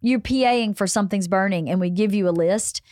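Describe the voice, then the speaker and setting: A middle-aged woman hosting a casual family chat, giving calm, gently lecturing advice. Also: mid-range voice, fairly quick, dry recording, studio quality. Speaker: podcast host and mother.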